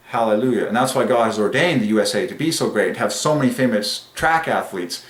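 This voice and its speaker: A man hosting a religious numerology channel, speaking in an excited monologue that swings between rapturous bursts and quiet musing. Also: fairly low pitch, fast talker, gravelly, hardly any pauses, roomy sound.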